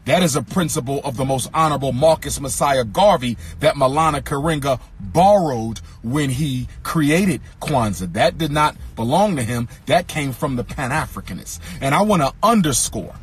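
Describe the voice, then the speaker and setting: A man giving an impassioned speech, repeating lines in an emphatic rhythm and sometimes singing or shouting phrases. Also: medium pitch, expressive, moderate pace, a little hiss or hum. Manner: occasionally sings or shouts phrases. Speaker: speaker addressing an audience.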